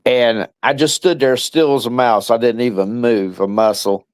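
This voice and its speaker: A man's voice: medium pitch, steady tone, normal speed, no room sound. An older man in casual chat, a guest telling rambling stories and chuckling often.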